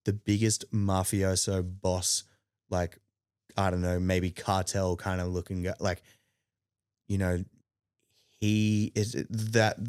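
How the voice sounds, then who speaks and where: Lively Australian man telling a story. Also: dry recording, clean studio sound. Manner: animated, acts out quotes with rising pitch, many fillers. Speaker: podcast guest. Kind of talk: casual storytelling.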